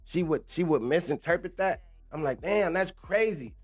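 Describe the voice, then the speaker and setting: A man's voice: fairly high pitch, animated, normal speed, soft background music. A young man, ranting casually on a livestream, slangy and laughing often. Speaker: livestream host.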